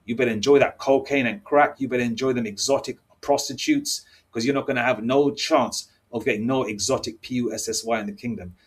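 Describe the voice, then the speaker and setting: A man's voice: mid-range voice, fairly even intonation, brisk, hardly any pauses, breathy edge. A man preaching angrily and reading scripture aloud. He talks in a combative way and keeps checking in with "all right?" and "okay?". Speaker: religious teacher.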